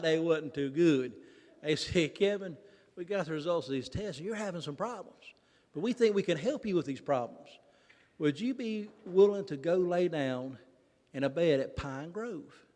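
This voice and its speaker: A man with a Mississippi Southern accent telling a folksy, self-mocking story to a recovery convention and acting out the people he quotes. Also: a little high. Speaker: recovery meeting speaker. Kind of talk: humorous personal story told to a convention audience. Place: large convention hall. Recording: long reverb of a convention hall.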